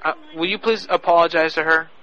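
A man's voice: fairly high pitch, steady tone, brisk, bright, forceful tone. A man making a prank phone call, lecturing in an indignant way over a lo-fi line. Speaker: prank caller. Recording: lo-fi phone audio on radio.

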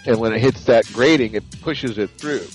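A man co-hosting a comedy show, chatting casually in rambling, halting explanations. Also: mid-range voice, soft background music. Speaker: co-host. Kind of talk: casual crude banter.

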